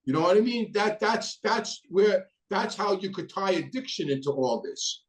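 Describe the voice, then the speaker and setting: A man's voice: high-pitched, animated, normal speed, poor audio. A middle-aged man with a New York accent, telling a prison story in a blunt, profane, casual way, full of restarts and fillers. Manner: blunt, profane, many restarts and "you know".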